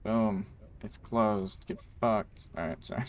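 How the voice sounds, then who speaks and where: A man with a lowish voice narrates a tabletop game as its game master. His delivery is loose and rambling, padded with ums and likes. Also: takes it slowly, slight background noise.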